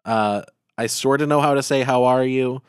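A man's voice: medium pitch, moderate pace, smooth, no echo, clean studio sound. A young man co-hosting a casual chat with a laid-back, wry way of talking. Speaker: podcast co-host.

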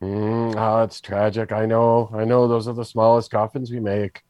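A man's voice: fairly low pitch, level tone, normal speed, a little mellow, no room sound, muffled recording, close to an everyday voice. A man voicing a weary, folksy village coffin maker in a wobbly put-on Scottish accent. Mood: somber.

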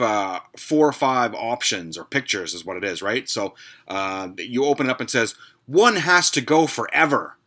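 A man with a bright, forward voice grumbles through a casual podcast rant. His sarcasm is blunt and his swearing comes easily. The pitch sits in a middling range. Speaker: podcast host. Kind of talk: casual ranting monologue.

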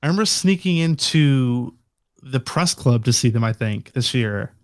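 A man's voice: mid-range voice, expressive, moderate pace, no room sound, studio quality. A young man co-hosting a podcast in casual chat, rambling with many fillers and restarts. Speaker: podcast co-host.

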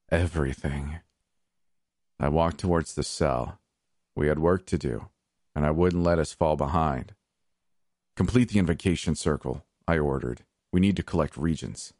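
Man, very low voice, dark story narration, dry close sound. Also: no echo. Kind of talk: dark first-person fiction narration.

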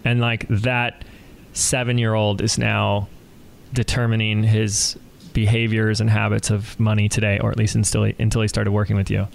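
Gravelly-voiced podcast host. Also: mid-range voice, little pitch movement, moderate pace. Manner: brief affirming remarks and questions. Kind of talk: casual interview.

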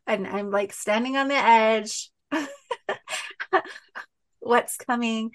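Slow-talking, high-voiced woman host. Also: fairly even intonation. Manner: rambling, many fillers and restarts. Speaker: podcast host. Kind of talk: casual heartfelt chat.

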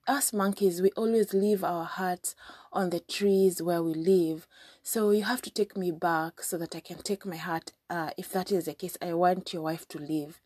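A woman voicing a clever male monkey in a spoken folk story, exclaiming and quick-witted. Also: lowish voice, steady tone, a little mellow, husky, no echo, clean studio sound. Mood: sly.

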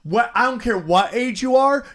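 Man, high pitch, podcast co-host, casual, joking, chatty. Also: expressive, normal speed, a bit bright.

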